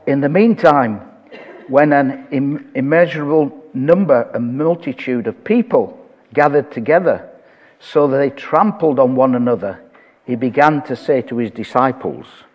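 A man's voice: medium pitch, big-room sound, lo-fi sound. A man preaching a sermon, reading scripture aloud and talking it through conversationally with touches of humor.

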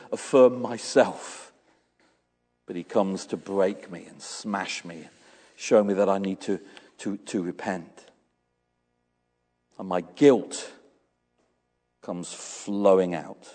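A man's voice: low voice, slow, pauses often, faint music behind. Preacher man in a reverberant church. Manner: animated storytelling, acting out little dialogues. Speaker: pastor. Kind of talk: sermon.

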